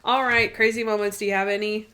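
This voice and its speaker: A woman's voice: medium pitch, fast talker. Giggly woman co-hosting a chatty podcast. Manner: giggly, animated, acts out quotes from scenes. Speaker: podcast co-host. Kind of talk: casual chat.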